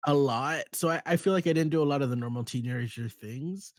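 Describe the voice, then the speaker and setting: A young man co-hosting a podcast in casual chat, telling animated stories, acting out quotes and swearing freely. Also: mid-range voice, brisk, no echo, studio quality. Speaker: podcast co-host.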